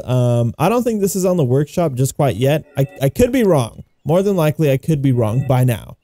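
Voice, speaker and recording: Excitable giggling man, lively dry voice. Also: on the high side, no echo. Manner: excitable, giggly, exclaims often. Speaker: gaming YouTuber. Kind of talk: casual gameplay commentary.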